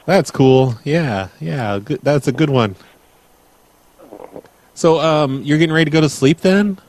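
A man's voice: on the high side, measured pace, a little mellow. A man hosting a live prank call show, teasing a caller in a mock-earnest way.

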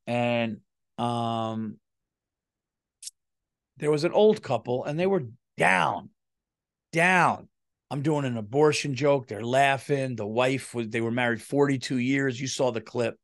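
A middle-aged male comedian at a medium pitch, talking straight to his listeners. He rambles through an anecdote, curses often and doubles back mid-sentence in a loose, chatty way. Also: slow, long pauses. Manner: profane, rambling, restarts sentences. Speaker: comedian and podcast host. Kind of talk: casual storytelling monologue.

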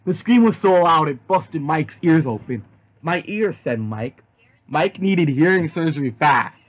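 A man reading a fan story aloud, animated in his delivery. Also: on the high side, unhurried. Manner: animated, with shouted outbursts. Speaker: reader.

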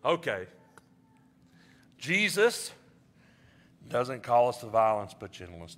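Pastor giving an animated sermon, bright, forceful male voice. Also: slow pace, pauses often. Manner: animated, jumps high in pitch for emphasis.

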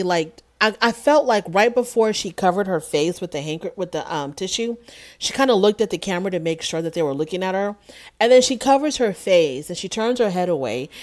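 A woman hosting a casual reality TV review, sassy and animated, mocking the cast with acted-out quotes. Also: medium pitch. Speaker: reality TV recap host. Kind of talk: casual solo review commentary.

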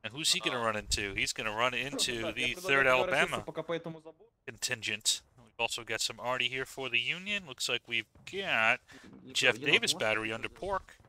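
Bright-voiced male game streamer. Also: mid-range voice, moderate pace, rough recording. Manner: relaxed, joking asides while listing units. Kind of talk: casual gameplay commentary.

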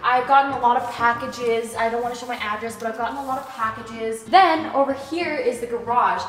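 Excitable teen girl in echoey empty house. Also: a little high, brisk. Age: teens. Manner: excitable, chatty, lots of "like". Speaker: vlogger. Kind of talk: casual house tour vlog. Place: large empty house, indoors. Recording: echoey empty rooms, background noise.

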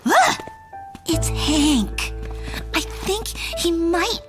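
A woman voicing an anxious, excitable young cartoon girl who talks in a fretful, whiny way. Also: very high-pitched, drawn-out words, loud music behind the voice, full character voice.

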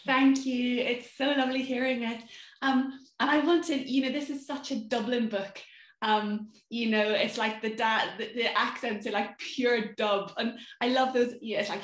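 A woman's voice: fairly high pitch, steady tone, normal speed. A woman interviewer at a literary event, admiring and chatty, asking questions with many fillers. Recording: roomy echo.

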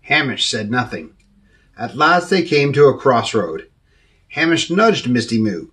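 A man reading a children's story aloud with animated narration. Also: medium pitch, unhurried.

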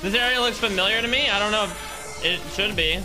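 A man's voice: sits high, brisk. A young man casually commenting on a video game he is playing, joking and greeting viewers by name. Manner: jokey, chats with viewers while playing. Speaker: streamer. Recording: game music playing behind.

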